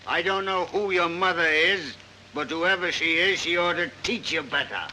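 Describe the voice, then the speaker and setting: A man's voice: fairly high pitch, moderate pace, very noisy, close to an everyday voice. An older actor playing a stern, hot-tempered plantation-owning grandfather in a 1930s film, barking his words. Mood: gruff scolding. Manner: gruff, barking. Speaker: estranged grandfather.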